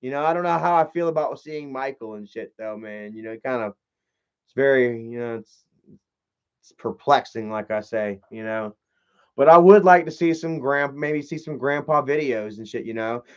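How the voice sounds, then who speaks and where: A man's voice: medium pitch, normal speed, darkish tone, clear, resonant tone. A young man chatting on a livestream, rambling and swearing, full of "you know" fillers. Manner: rambling, profane, many fillers. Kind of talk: casual livestream chat. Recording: dull lo-fi stream audio.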